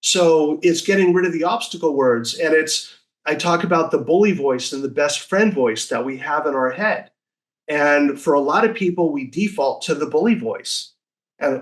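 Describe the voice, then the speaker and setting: Guy in his 60s, bit high voice, animated, tells stories doing everyone's voices. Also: moderate pace. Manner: animated, acts out quoted voices. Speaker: guest. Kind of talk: casual storytelling.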